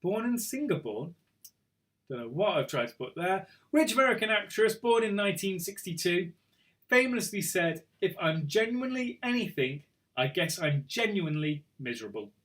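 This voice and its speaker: Brief: male quiz host, slightly high voice, chatty and self-mocking, stumbles over words. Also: big pitch swings, normal speed, fairly bright tone. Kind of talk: casual live quiz hosting.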